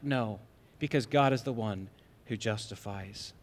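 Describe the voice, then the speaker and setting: A male pastor preaching a sermon with emphatic rhetorical questions, swinging between loud and soft. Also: mid-range voice, normal speed. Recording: long hall reverb.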